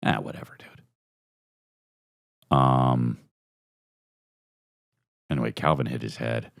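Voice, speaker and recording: A man, hosting a podcast in a rambling, profane, comedic monologue that swings between low mutters and high excited bursts. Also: takes it slowly, no room sound, studio quality. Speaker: podcast host.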